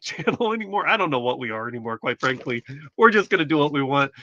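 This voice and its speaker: A man's voice: fairly high pitch, expressive, quick pace, pushed and bright, no echo, dull audio. A man from the United States hosting a casual live stream, chatting in a rambling, self-correcting way while recovering from surgery. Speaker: livestream host.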